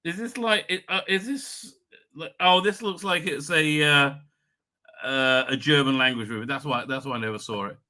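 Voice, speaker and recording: A middle-aged man hosts a loose, unscripted live show and reads viewer comments aloud. His voice sits a little high with a very bright, cutting edge. He rambles from one tangent to the next and often breaks into laughter. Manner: rambling, chatty, quick to laugh. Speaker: livestream host. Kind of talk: casual live chat, reading viewer comments.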